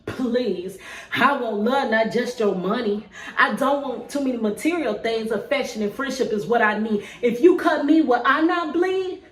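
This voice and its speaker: A woman's voice: a little high, normal speed. A woman reciting her own spoken word poem with a rhythmic, emphatic rhyming delivery. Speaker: vlogger and spoken word poet. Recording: roomy echo.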